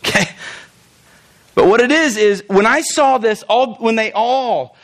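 A man's voice: very high voice, unhurried. A man preaching a sermon in a loose, conversational way, reading scripture and acting out the people in it. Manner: conversational, acts out quoted voices, chuckles. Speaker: pastor.

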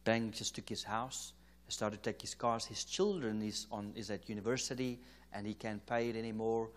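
Speaking at normal speed with a fairly low voice, a South African man preaches at a conference in a church or conference hall. He tells a story anecdotally, re-enacting its conversations and chuckling often.

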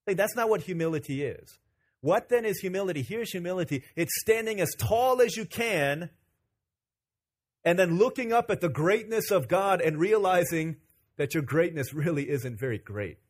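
A man preaching a sermon as pastor, telling stories in an animated, joking way. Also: high voice, normal speed.

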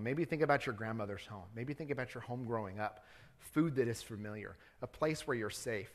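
A man's voice: mid-range voice, a bit bright. Conversational male pastor in a reverberant church. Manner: conversational preaching, rising to fervent appeals. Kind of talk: sermon. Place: church sanctuary.

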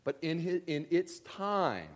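A man preaching a sermon, speaking earnestly and directly to his congregation and building to emphatic, animated bursts. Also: on the high side, takes it slowly.

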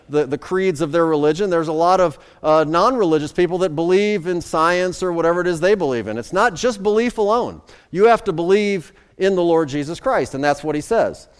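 A man's voice: on the high side, big-room sound. A male pastor preaching a sermon in a conversational way, often checking in with his listeners. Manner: conversational preaching with repeated checks like "right?" and "okay?".

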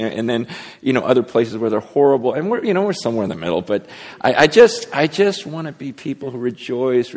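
A man's voice: mid-range voice, a little mellow, in a large hall. A man preaching a sermon to his congregation, talking candidly and rambling, with many restarts. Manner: candid, rambling, self-deprecating with frequent restarts. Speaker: pastor. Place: church sanctuary.

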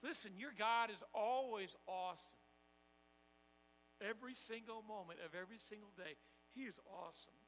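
A man preaches in a high, bright, ringing voice, asking the congregation to answer him back. His delivery swings from loud, emphatic lines to quiet, hushed ones. The sound carries a long hall reverb with a faint electrical hum underneath. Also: normal speed. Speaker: pastor. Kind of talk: sermon.

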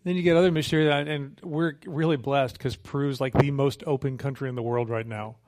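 Briskly and in a mid-range voice, a man preaches a sermon as a missionary. His storytelling is animated, humorous and conversational, with quotes acted out.

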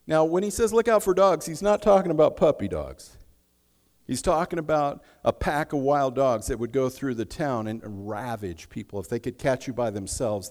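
Emphatic male preacher in a reverberant hall. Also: medium pitch. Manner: emphatic, swinging from hushed to loud. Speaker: pastor. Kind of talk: sermon. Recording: long reverb of a large hall.

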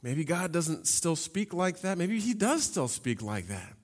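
A man delivers a sermon in an animated voice that rises and falls a great deal, slightly higher than most men. He reads scripture, then talks to the congregation casually and with humor. His voice rings with the long reverb of a large hall. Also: measured pace. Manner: lively, conversational preaching with humor and asides. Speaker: pastor.

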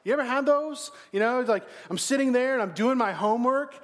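A man's voice: very high voice, a little fast, few pauses. A man pastor giving a sermon in a conversational, self-deprecating way, often asking the congregation questions.

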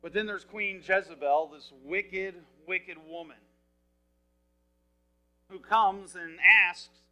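Guy preaching a sermon, retells the bible story in plain talk, really bright voice. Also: high-pitched, takes it slowly, long pauses, soft background music, poor audio. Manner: paraphrases scripture in casual everyday speech; lively and expressive, asks the listeners questions.

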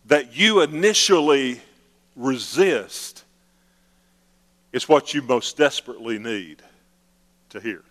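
A man's voice: mid-range voice, a bit bright. Man preaching in a reverberant hall. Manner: conversational preaching with playful acted-out prayers. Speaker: pastor. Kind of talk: sermon.

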